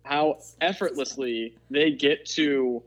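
A man's voice: medium pitch, slow pace. Guy on a podcast, rambly storyteller, plain mid voice. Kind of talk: casual chat.

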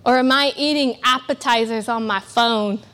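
A woman's voice: on the high side, moderate pace, a bit bright. A young woman from California preaching a sermon at a church service, earnest and emphatic with self-deprecating asides. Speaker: guest preacher.

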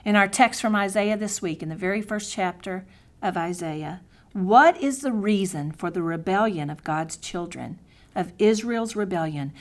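A middle-aged woman giving a devotional Bible teaching in an earnest manner, dropping to soft, near-whispered tones for prayers and scripture. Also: medium pitch, moderate pace.

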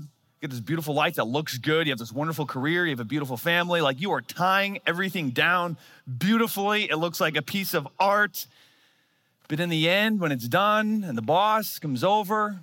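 Pastor, male, 30s, self-mocking storyteller in a church sermon, bright ringing voice, a bit high for a man.

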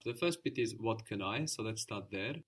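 A man's voice: on the low side, lively intonation, normal speed, breathy edge. A man teaching a language lesson, patient and encouraging, explaining each point step by step.

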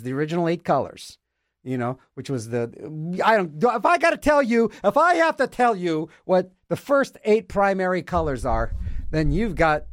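A man with a high, lively voice that leaps all over its range, hosting his own show and rambling through a goofy comic monologue. He stumbles over words, repeats them and argues back at himself, and the sound is close and completely dry. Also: no room sound. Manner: playful, self-mocking, trips over words and repeats them; talks to himself in back-and-forth mock dialogue. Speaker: radio show host.

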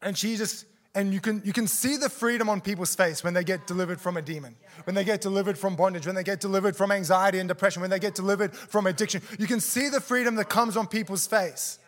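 A man with a high voice preaches to a church congregation. He tells a story with lots of energy, acting out the people in it with gasps and laughter. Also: quick pace, hardly any pauses. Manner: animated, acts out quotes with gasps and laughs. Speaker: guest preacher. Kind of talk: sermon storytelling. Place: church service.

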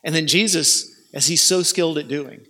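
A man's voice: fairly high pitch, normal speed, bright, forceful tone. A male pastor preaching a sermon in an earnest, urging way, with conversational asides. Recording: long hall reverb.

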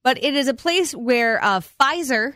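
A young adult woman hosting a morning radio show, telling odd news stories in a playful, animated way and laughing often. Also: sits high, normal speed, dry recording, clean studio sound. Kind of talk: radio storytelling chat. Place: radio studio. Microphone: studio microphone.

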